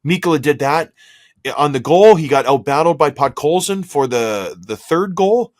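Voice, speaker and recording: A hoarse man co-hosting a hockey podcast, breaking down plays in a worked-up, exasperated way, full of rhetorical questions. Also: fairly high pitch, lively intonation, normal speed. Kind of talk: heated sports analysis chat.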